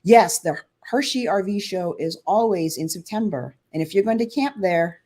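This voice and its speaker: A woman's voice: fairly low pitch, moderate pace. A woman with a Brooklyn accent, co-hosting a live camping stream, chatting casually and reading out viewer comments. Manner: chatty, animated, laughs at herself. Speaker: co-host of a camping livestream.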